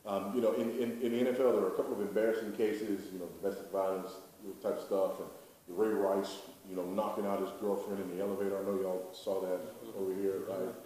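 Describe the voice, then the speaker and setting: A man's voice: low voice, level tone, fast, warm tone. A man from the United States preaching a sermon in an emphatic, rhetorical way, repeating his key lines. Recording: very echoey hall, distant mic, faint noise.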